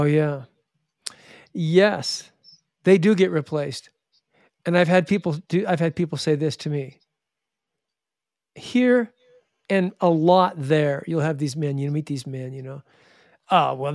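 A man telling stories in an interview in an animated way, often restarting and acting out the people he quotes. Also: fairly high pitch, vocal fry, no echo, clean studio sound. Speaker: charity founder and guest. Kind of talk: interview storytelling.

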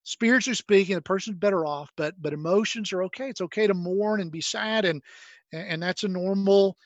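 Guy preaching a sermon, kinda high voice, loose and chatty, lots of "and, and", dry sound. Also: brisk, dry recording, lo-fi sound. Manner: conversational, many repeated "and"s and restarts. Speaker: pastor. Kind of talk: sermon with scripture reading.

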